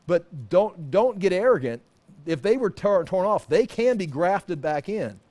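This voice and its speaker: A man's voice: sits high, lively intonation, measured pace, a little mellow. A man in his sixties teaching a Bible study class in a loose, conversational way, full of asides and self-corrections. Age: 60s.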